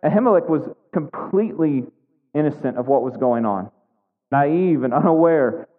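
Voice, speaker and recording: A man's voice: a little high, expressive, normal speed. A man preaching a sermon, retelling a scripture story conversationally and checking in with "right?" as he goes. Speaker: pastor. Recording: echoey hall, thin phone-like sound.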